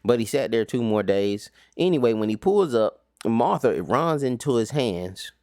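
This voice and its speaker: A man's voice: mid-range voice, very animated, moderate pace, darkish tone, dry recording, studio quality. A man teaching an informal Bible study recap, talking casually with slang and rhetorical questions.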